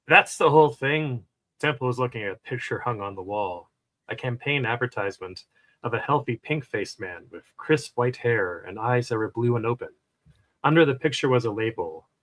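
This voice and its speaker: A podcast guest, a man, reads a short story aloud in a bright, forward voice. His pitch sits in the middle. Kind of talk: casual chat and reading a story aloud.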